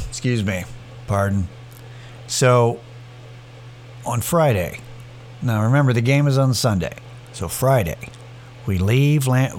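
Rambling, foul-mouthed podcast host. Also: male voice, fairly low pitch, slight background noise. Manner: rambling, profane, restarts a lot. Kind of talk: casual storytelling.

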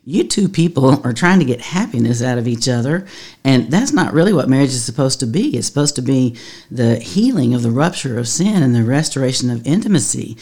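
A woman's voice: very deep voice, expressive, a little fast, warm tone, slightly rough, exaggerated voice. A woman voicing a blunt, folksy older male saint who scolds in a Texas accent. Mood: chiding. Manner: chiding, drawling "y'all". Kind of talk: imagined quote within a talk.

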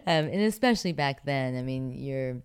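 A woman's voice: a bass voice, animated, moderate pace, clean tone. A woman from Pittsburgh, an actress and former figure skater, telling stories as an interview guest in a chatty way, laughing often. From Pittsburgh, USA. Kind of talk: casual interview storytelling.

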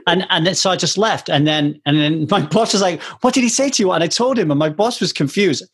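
Husky man telling a story. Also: a little high, brisk. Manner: animated storyteller, acts out quoted voices. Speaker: podcast co-host. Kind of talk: casual podcast chat.

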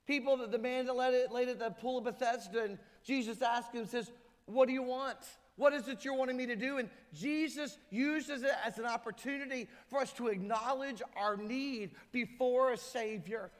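Man, very high voice, preaching a sermon, emphatic, reverberant church hall. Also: moderate pace. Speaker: pastor. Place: church sanctuary.

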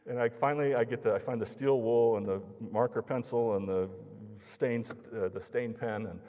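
A man delivers a sermon as a loose, conversational personal story, often voicing the people in it. His voice is mid-pitched, and a long hall reverb trails behind every phrase. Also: steady tone, normal speed, dark tone. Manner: conversational, anecdotal, acts out others' lines.

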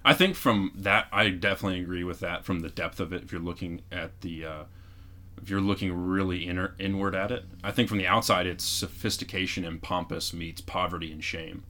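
Young guy with a low voice but bright edge, cohosting a faith podcast, really emphatic. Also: a little fast, slight background noise. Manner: emphatic, animated reactions. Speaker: podcast co-host. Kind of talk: casual faith-based movie discussion.

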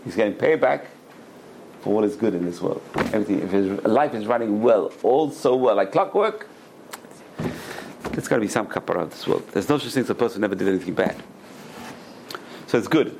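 Gravelly, lively middle-aged rabbi telling stories. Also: male voice, lowish voice, fairly quick, pauses often, slight background noise. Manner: animated storyteller, repeats words for emphasis; peppers speech with Hebrew terms. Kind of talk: Torah lecture with storytelling.

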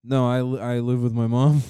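A man's voice: medium pitch, flat delivery, moderate pace, mellow, smooth, no room sound, studio quality. A young man telling rambling stories in a casual chat with friends, laughing often.

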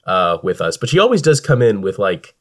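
A young man with a lowish voice talks into a podcast microphone in casual, rambling chat. He's relaxed and full of fillers and little restarts as he talks about running games. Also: brisk. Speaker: podcast co-host and game master.

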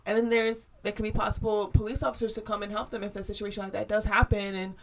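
A woman's voice: mid-range voice, level tone, quick pace, low-quality recording. A woman who is a parent, talking in a chatty, rambling way with many fillers in casual conversation.

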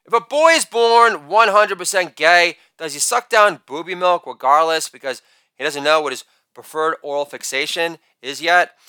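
A man in his forties delivering a rapid-fire joke monologue, brash and crude, with loud shouted catchphrases. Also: fairly high pitch, clean tone, no echo. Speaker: comedian.

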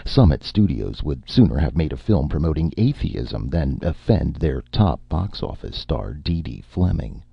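A man's voice: a bass voice, big pitch swings, a little slow, creaky, few pauses, breathy edge, no room sound, full character voice. A man voicing a gloomy, plaintive male writer in a spoken story. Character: gloomy, put-upon male screenwriter. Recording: dull lo-fi, dry.

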